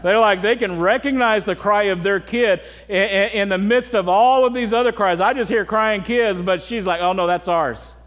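High-voiced pastor preaching in a reverberant hall. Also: male voice, normal speed, few pauses, fairly bright tone. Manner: earnest, direct, asks the congregation questions. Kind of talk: sermon.

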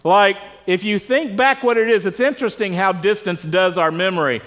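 A man's voice: sits high, normal speed, a bit bright. A man preaching a conversational sermon to a congregation, often stopping to ask them questions. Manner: casual, quizzes the congregation with questions. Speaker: pastor. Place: church service with congregation.

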